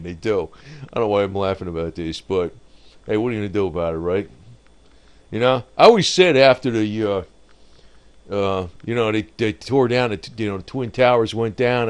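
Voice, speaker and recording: A man's voice: fairly low pitch, brisk, a little mellow, clear, resonant tone. A man giving rambling, off-the-cuff commentary on markets and the economy, often breaking into laughter at his own remarks.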